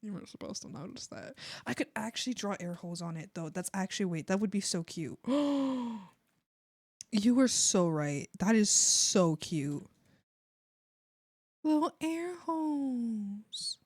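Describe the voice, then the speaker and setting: A young woman with an expressive, medium-pitched, slightly mellow voice streams while drawing, speaking at a measured pace in clean studio sound with no room echo. She chats casually as an illustrator, giggles often, and imitates the people she quotes in exaggerated voices.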